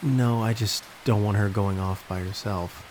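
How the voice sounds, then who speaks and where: A man's voice: fairly low pitch, fairly even intonation, unhurried, noisy background, close to an everyday voice. A man doing a stammering young boy. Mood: nervous. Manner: stammering, hesitant. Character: nervous seven-year-old boy.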